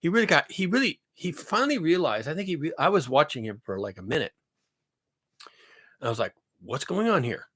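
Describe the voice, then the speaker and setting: A man's voice: a little high, big pitch swings, fairly quick, long pauses, a bit bright, husky. A man talking casually and exasperatedly, rambling with many restarts as he explains weather to his audience. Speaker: climate commentary vlogger. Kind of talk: casual talk.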